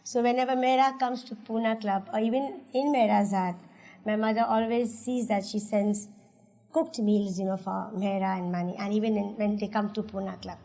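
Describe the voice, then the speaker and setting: A woman's voice: medium pitch, steady tone, normal speed, warm tone, poor audio. A woman with an Indian English accent telling family stories in an oral history interview, laughing often and acting out the voices she quotes. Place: religious center.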